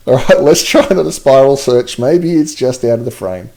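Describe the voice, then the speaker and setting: Mellow-voiced man hosting a stream. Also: medium pitch, lively intonation, normal speed, few pauses. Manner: chatty, reads out viewer comments, laughs often. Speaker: livestream host. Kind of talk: casual live-stream commentary.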